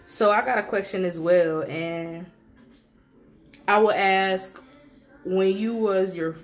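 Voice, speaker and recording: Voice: mid-range voice, slow. Hesitant young adult, casual chat. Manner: hesitant, full of "like" and "you know".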